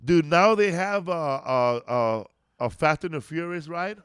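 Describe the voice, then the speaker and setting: A man's voice: fairly high pitch, a little slow, a bit bright, smooth, no echo, studio quality. A man, co-hosting a podcast and rambling through loose, casual stories, saying "bro" often. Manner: rambling storyteller, peppers talk with "bro" and "dog". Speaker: podcast co-host, comedian. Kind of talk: casual chat.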